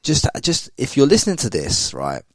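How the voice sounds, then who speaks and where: A man hosting a casual podcast interview, blunt and energetic, swearing freely. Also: mid-range voice, normal speed, dry recording. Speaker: podcast host.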